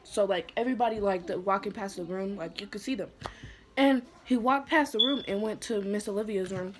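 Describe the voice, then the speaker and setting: A young woman vlogger telling a personal story in a somber, halting way, full of "like" fillers and restarts. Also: mid-range voice, a little hiss or hum. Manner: somber, emotional retelling. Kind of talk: storytime vlog.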